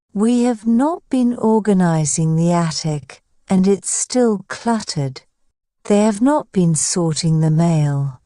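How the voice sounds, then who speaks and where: A woman reading English grammar example sentences one by one in an even, deliberate way, as a lesson. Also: on the low side, no room sound, clean studio sound. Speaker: English teacher. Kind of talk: slow scripted grammar drill.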